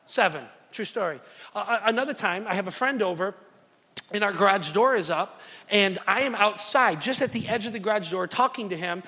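High bright voiced preacher guy, animated, repeats himself, long hall echo. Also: a little fast. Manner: animated, repeats phrases for emphasis, calls to the congregation. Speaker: pastor. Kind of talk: sermon with storytelling. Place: church hall.

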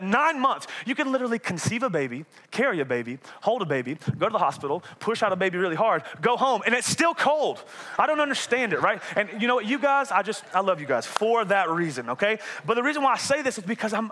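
Upbeat young man preaching a sermon. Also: high-pitched. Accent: North Carolina. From North Carolina. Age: 20s. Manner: energetic and conversational, often adding "right?". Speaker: youth pastor.

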